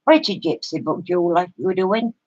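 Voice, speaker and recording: A woman's voice: on the low side, expressive, normal speed, a little mellow. An older woman with a Yorkshire accent, a craft vlogger chatting to viewers and telling a story with lots of laughter. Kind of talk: casual chat to viewers. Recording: muffled lo-fi recording.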